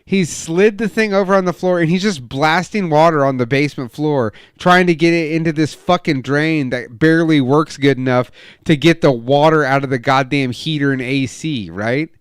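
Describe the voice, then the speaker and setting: A young man on a casual podcast, telling a heated story full of swearing and acting out quoted lines loudly. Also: moderate pace, clean tone, no echo, studio quality. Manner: profane, animated storytelling, acts out quotes with loud raised pitch. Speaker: podcast co-host.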